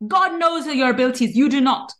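A woman's voice: high voice, lively intonation, brisk, fairly bright tone. A woman hosting a podcast, giving an earnest motivational monologue with many restarts and fillers. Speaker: podcast host.

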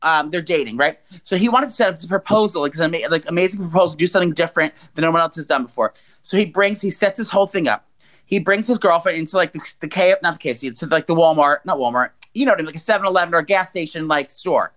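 A woman's voice: lowish voice, fast talker. Foul-mouthed woman in her forties, storytelling. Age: 40s. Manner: blunt, profane, animated storyteller. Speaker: podcast co-host. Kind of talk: casual chat, retelling news stories.

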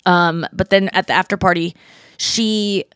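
A woman hosting a podcast, chatting casually and telling lively stories, mimicking other people's voices in quotes. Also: on the low side, a little slow, clean tone, no echo, clean studio sound. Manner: animated storyteller who mimics voices in quotes. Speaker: podcast host. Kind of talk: casual chat.

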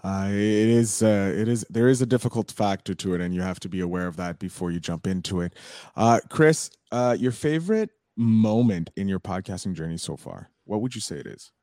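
A man's voice: deep voice, fairly quick, warm tone, no echo, clean studio sound. A man hosting a casual podcast interview, easygoing and affirming, with plenty of fillers. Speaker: podcast host.

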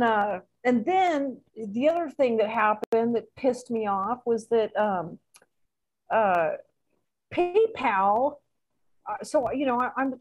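A woman's voice: a little high, rough recording. A woman, an interview guest, telling a story casually with lots of laughter and some swearing. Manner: animated, laughing, swears freely.

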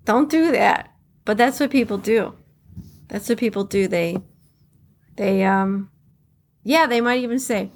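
Blunt, animated woman podcast host. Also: fairly high pitch, normal speed. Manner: candid and blunt, acts out what others say, laughs often. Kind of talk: motivational solo podcast talk.

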